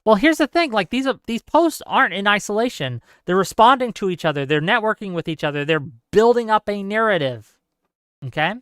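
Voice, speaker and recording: A talk show host with a smooth, clear voice who argues point by point, firmly rebutting viewer comments and checking in with quick tag questions. The sound is dry and close, with almost no room behind it. The pitch sits in an ordinary middle register. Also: expressive, fairly bright tone, dry recording. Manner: argumentative, emphatic, rebutting points; frequent tag questions and fillers. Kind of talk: live call-in commentary, reading viewer comments.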